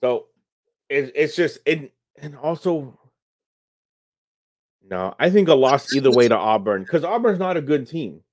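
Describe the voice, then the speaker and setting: A man's voice: mid-range voice, expressive, measured pace, long pauses, a little mellow. A man in casual sports podcast chat, hesitant, backtracking and restarting. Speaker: podcast guest.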